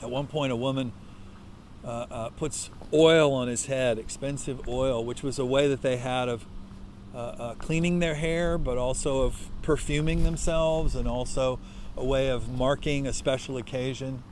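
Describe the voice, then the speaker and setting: A male pastor preaching a sermon as conversational storytelling that breaks into loud impassioned outbursts. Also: mid-range voice, fairly even intonation, normal speed, slight background noise.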